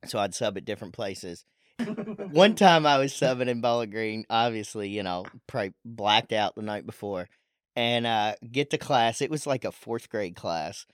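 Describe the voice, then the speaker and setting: A man's voice: on the low side, normal speed, no room sound, studio quality. A man guest on a podcast, telling loose stories with frequent laughs. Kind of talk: casual chat.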